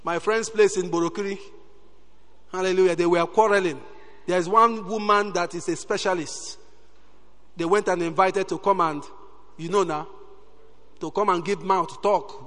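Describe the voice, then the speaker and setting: With long pauses at a moderate pace, a preacher delivers an animated sermon in a high, ringing voice, sprinkling in "Hallelujah" and cries of praise. The audio rings with long reverb, like a big church hall.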